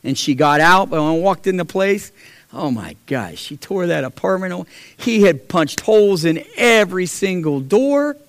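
A middle-aged man telling a personal testimony to a church, animated, acting out the voices in his story and swinging from loud to hushed. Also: sits high, normal speed, dry recording. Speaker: church speaker sharing a testimony.

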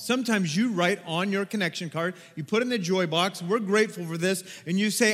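High-voiced pastor preaching in an echoing hall. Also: male voice, brisk, few pauses. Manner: animated, acts out crowd voices with whoops. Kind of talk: sermon. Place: church sanctuary. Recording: long hall reverb.

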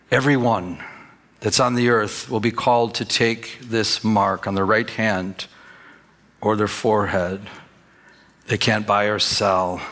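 Conversational in style, a male pastor delivers a sermon and frequently puts questions to his audience. His voice is lowish and a bit bright.

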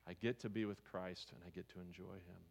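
This pastor's sermon comes in a low, steady voice with vocal fry and a brisk pace. He chats with the congregation and asks them questions as he goes.

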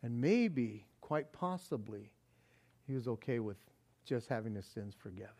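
A pastor preaching a sermon, animated and expressive, swinging between loud emphasis and hushed asides, often repeating words. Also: male voice, medium pitch, measured pace.

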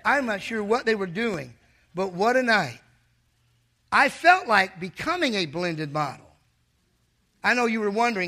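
A man's voice: high-pitched, very animated, unhurried, pauses often, sharp tone. A middle-aged male pastor preaching a sermon, telling a funny story and teasing his congregation.

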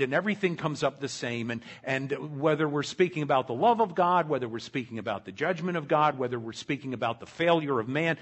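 A man preaching a sermon to his congregation, swinging between loud emphatic lines and soft quiet ones and talking directly to the people in front of him. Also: on the high side, breathy edge. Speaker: pastor.

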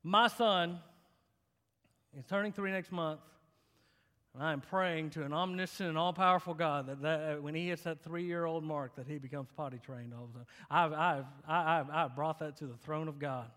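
A young male pastor preaches with a high, carrying voice, rising to loud, emphatic lines and dropping to quiet, confiding asides. He tells humorous personal stories between points. The sound rings with the long reverb of a church sanctuary. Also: moderate pace. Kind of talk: sermon.

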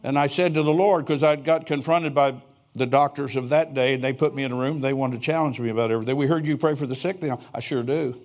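A man's voice: mid-range voice, steady tone, fast talker. An older man preaching a sermon in a church, telling stories in a folksy way with chuckling asides. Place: church sanctuary.

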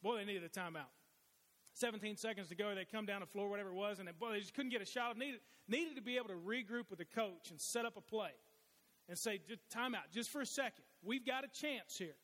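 A man's voice: high voice, quick pace, fairly bright tone. A middle-aged man preaching a sermon as pastor, telling folksy stories with frequent restarts. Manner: folksy storytelling with many restarts. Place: church sanctuary. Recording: long reverb of a large hall.

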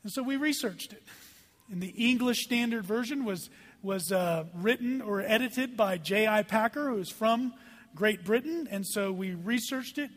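Pastor, male, lively emphatic sermon, high voice, hall reverb. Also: moderate pace. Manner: animated, emphatic preaching with dramatic drops to hushed tones.

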